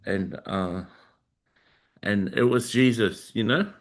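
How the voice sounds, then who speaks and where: A man hosting his own channel, telling a personal religious testimony in a halting way with many filler sounds and restarts. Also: fairly low pitch. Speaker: Christian video host sharing testimony.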